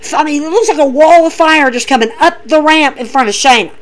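A woman recapping wrestling shows in a casual, excitable way, acting out what people said. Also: high-pitched, brisk, poor audio. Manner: excitable storyteller acting out quotes.

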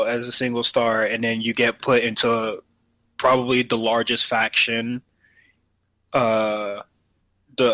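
Man, podcast co-host, casual chat, bright tone, dry sound, rambling with fillers. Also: medium pitch, no room sound, low-quality recording. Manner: rambling, frequent fillers and restarts.

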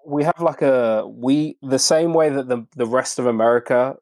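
A man's voice: medium pitch, normal speed, a little mellow, dry recording. A man from Birmingham, England, with a Birmingham accent, chatting casually on a cooking show. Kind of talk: casual chat.

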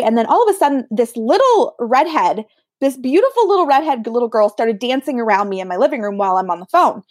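Her voice is fairly high and fast, captured in clean studio sound without echo. As a guest in a casual interview, this woman, a medium by trade, tells stories animatedly and acts out the voices she quotes.

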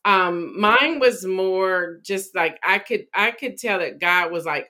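A woman in an interview, reflectively talking about her faith with frequent pauses and ums. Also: mid-range voice, pushed and bright. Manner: reflective, hesitant with many ums. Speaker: interview guest. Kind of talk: casual faith testimony interview.

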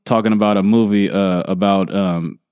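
A man hosting a podcast, telling stories in a relaxed, blunt way. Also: lowish voice, moderate pace, clear, resonant tone, no room sound. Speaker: podcast host. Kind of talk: casual chat.

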